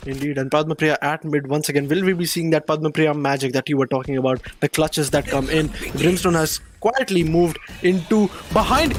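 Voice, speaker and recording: A man doing play-by-play commentary on an esports match, getting excited and loud on big plays. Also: on the high side, fairly quick, hardly any pauses, noisy background. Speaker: esports caster.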